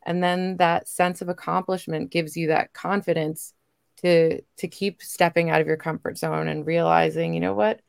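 A woman's voice: lowish voice, little pitch movement, normal speed, creaky, clean tone, no echo, studio quality. A woman guest in an interview chat, openly telling personal stories. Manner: open, personal storytelling.

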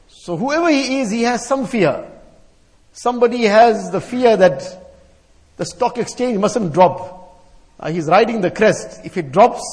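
A man's voice: sits high, darkish tone. A man giving a sermon to scholars and elders, chanting Arabic verses and explaining them in rhythmic repeated lists. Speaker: Islamic scholar giving a talk. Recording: long hall reverb.

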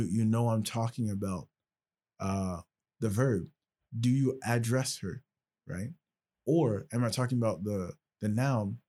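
A man's voice: mid-range voice, a little mellow, slightly rough. A male podcast host talking casually and explaining at length, checking in often with "right?". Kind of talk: casual conversational podcast talk.

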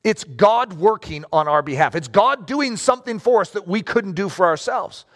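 A man preaching a sermon to a congregation, emphatic and animated, asking rhetorical questions and drawing out key words. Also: high-pitched, normal speed. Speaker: pastor.

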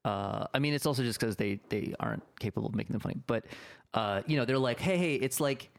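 A man's voice: fairly low pitch, quick pace, vocal fry. A man complaining dismissively in casual podcast chat.

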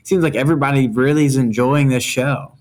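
A man in his twenties co-hosting a casual podcast, relaxed and easygoing, with filler words. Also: medium pitch, a little fast. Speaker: podcast co-host. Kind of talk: casual chat.

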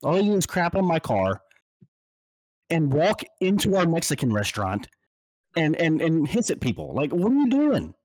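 A man on a sports panel show, talking casually and ranting in an exasperated, animated way. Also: a little high, moderate pace, pauses often, no room sound.

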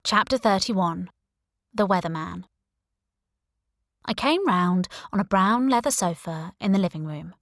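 A woman narrating a first-person audiobook in a wry, sardonic, lively way. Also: mid-range voice, dry recording, studio quality.

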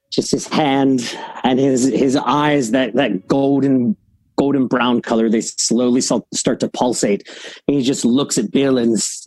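A man playing a tabletop game, describing his character's actions in a measured way. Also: medium pitch, a little mellow, dry recording, poor audio. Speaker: player. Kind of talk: tabletop role-play.

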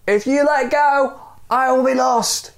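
A stranger dangling from a rope calls up with high, stretched-out, insistent pleas, as a man acts him out. He lays the guilt on calmly and never lets up. The voice sits far above an ordinary speaking pitch. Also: unhurried. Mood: insistent pleading. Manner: calm but guilt-laying, pleading.

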